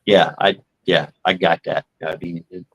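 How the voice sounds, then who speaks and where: A man's voice: low voice, flat delivery, unhurried, a bit bright, breathy edge, low-quality recording. A middle-aged man telling casual stories in a rambling, profane way, acting out the lines of the people in them. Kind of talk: casual storytelling.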